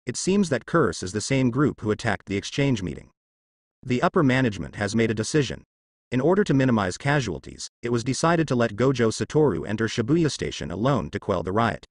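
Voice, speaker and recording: A man narrating a translated fan novel in an even, unbroken reading voice. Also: medium pitch, brisk, dry recording, clean studio sound.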